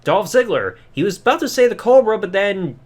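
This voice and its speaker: A man's voice: high-pitched, sing-song, fairly quick, darkish tone. A man hosting a podcast, giving a sarcastic, casual episode review and swearing freely. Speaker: podcast host.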